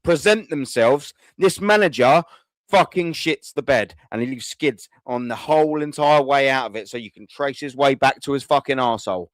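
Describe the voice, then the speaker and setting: A man's voice: medium pitch, moderate pace, no room sound. A man, hosting a fan call-in show and ranting furiously, swearing and repeating himself. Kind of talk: angry fan rant.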